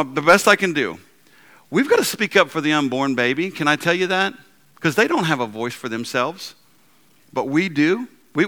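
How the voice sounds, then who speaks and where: A male pastor preaching with a bright, forward voice that leaps up and drops down in pitch. He repeats and restarts often, and moves between loud emphatic lines and quiet ones. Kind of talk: sermon.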